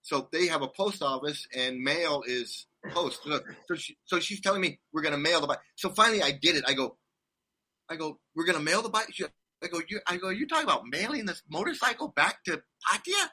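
A man's voice: fairly high pitch, a little fast, pushed and bright, slightly rough. A man telling a rambling travel story in casual chat, laughing often and restarting his sentences. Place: condo abroad.

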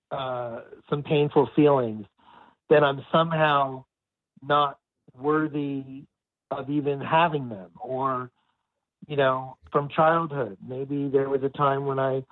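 A man speaking as a client in a counseling conversation, halting and reflective as he talks about himself. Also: on the high side, dry recording. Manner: hesitant, halting, self-reflective. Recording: dry tinny phone line.

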